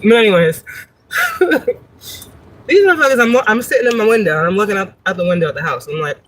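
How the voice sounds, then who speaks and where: A woman's voice: mid-range voice, lively intonation, rapid-fire, fairly bright tone, poor audio. A woman hosting a casual livestream from her parked car, chatting, swearing and laughing as she tells a story. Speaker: spiritual reader and livestream host.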